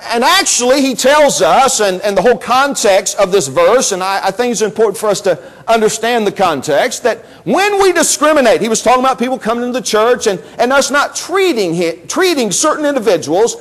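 A male preacher delivers a church sermon in a strikingly high voice. His pitch leaps and swoops as he presses his points. He repeats words as he builds to exclamations. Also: very animated, fairly quick, few pauses, fairly bright tone, low-quality recording. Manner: emphatic preaching with repetitions and rising exclamations. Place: church service.

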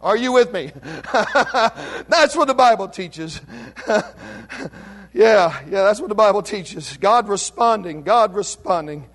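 A man preaching an impassioned revival sermon in church, shouting some lines and dropping to a hush on others, calling the congregation to answer back. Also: sits high, expressive, slow. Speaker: pastor. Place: church sanctuary.

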